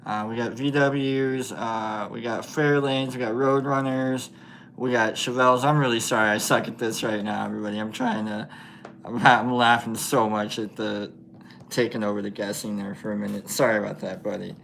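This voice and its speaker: A man's voice: fairly low pitch, fairly even intonation, moderate pace, creaky, a bit bright, a little hiss or hum. A man hosting a casual livestream, chatting with viewers while he paints, laughing often and thinking aloud with many fillers. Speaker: livestream host.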